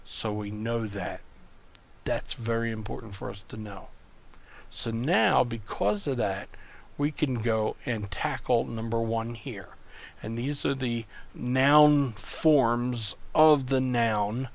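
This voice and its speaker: A man's voice: mid-range voice, slow, gravelly. A man tutoring in a recorded online lesson, explaining patiently and methodically, often repeating words. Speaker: Greek tutor.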